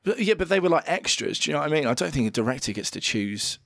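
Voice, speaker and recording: A man's voice: on the high side, big pitch swings, fast, gravelly, fairly bright tone, no echo. A man in casual film-review chat with friends, swearing often and laughing as he recaps scenes. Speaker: podcast co-host.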